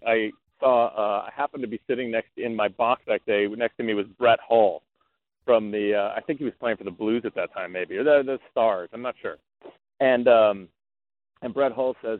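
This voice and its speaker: A man who founded a racehorse syndicate, telling a story in an interview, excited and rambling with many fillers and restarts. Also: medium pitch, a little fast, dry recording. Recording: tinny phone line.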